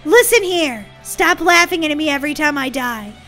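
A woman's voice: high voice, expressive, moderate pace, pushed and bright, faint music behind. A woman hosting a gaming channel, giving bubbly, giggly, silly let's-play commentary.

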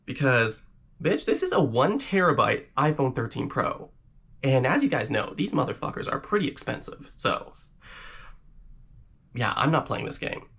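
A man from Ontario with a Canadian accent, talking casually to camera while sick, his voice deepened and rough, brash and swearing. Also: very animated, normal speed, a bit bright. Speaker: vlogger host. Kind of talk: casual profane vlog chat.

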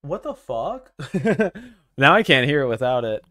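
Excitable, swearing man playing a game. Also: mid-range voice, a little slow. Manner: excitable, profane, joking, talks to viewers. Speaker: gaming channel host. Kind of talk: casual let's-play commentary.

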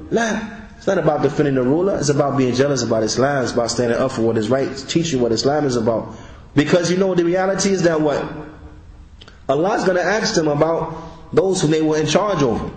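A man gives a religious class lecture, pressing his listeners with emphatic rhetorical questions. His voice sits fairly high for a man. The sound is roomy and echoey. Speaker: Islamic teacher. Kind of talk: religious class lecture explaining an Arabic text.

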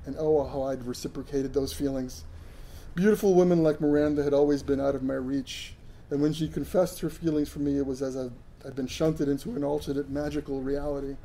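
A man reading a first-person story aloud with earnest narration and a few stumbles along the way. His voice is dark and mellow, pitched a little high for a man. Faint noise sits behind it. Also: fairly even intonation, brisk, rough recording. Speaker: author reading his fiction.

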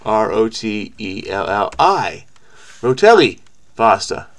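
The host of this crossword video is a man whose lowish voice swings widely in pitch while he speaks slowly. He works through clues aloud in a rambling, frenetic, casual way, restarting and stammering frequently.

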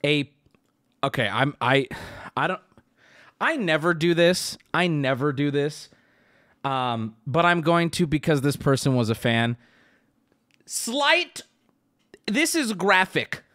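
A man streaming live, talking casually to his chat and swinging between loud outbursts and low mutters. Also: a little slow, long pauses. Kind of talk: casual livestream talk.

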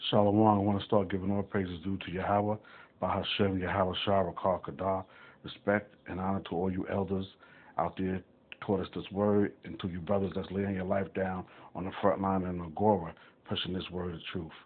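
A man's voice: deep voice, level tone, normal speed, breathy edge. An American man giving an earnest, informal scripture teaching as a preacher, talking in loose, repeating phrases. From United States. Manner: earnest, loose and repetitive, with restarts. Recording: tinny phone-like audio.

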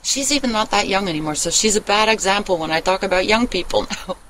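A vlogger at home in Germany rambles through a loose monologue, blunt and swearing constantly, often trailing off and starting again. The voice is mid-range, fast, pushed and bright. The audio is poor, with slight background noise.

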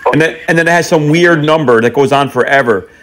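A man making a prank phone call, rambling on with absurd lists in a deadpan, playful way. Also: on the high side, fast talker. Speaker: prank caller.

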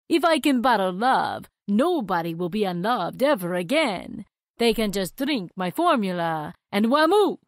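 A woman voicing a frantic, excitable male mad scientist in a children's storybook reading, exclaiming loudly. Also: no echo, studio quality. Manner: loud, exclaiming, with big leaps in pitch.

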